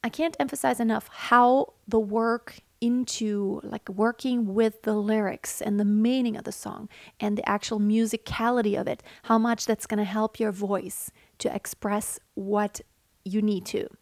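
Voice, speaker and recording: A woman's voice: medium pitch, fairly even intonation, measured pace, gravelly, a little mellow, dry recording, clean studio sound. A woman singing teacher explaining vocal technique in an earnest, instructive way. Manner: earnest, instructive, sings examples between explanations.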